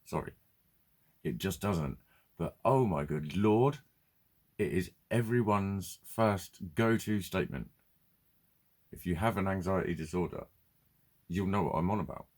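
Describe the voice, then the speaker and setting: A man's voice: sits low, darkish tone. Sweary ranting man. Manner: blunt, sweary, exasperated ranting with laughs. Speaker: vlogger. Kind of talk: casual ranting monologue to camera.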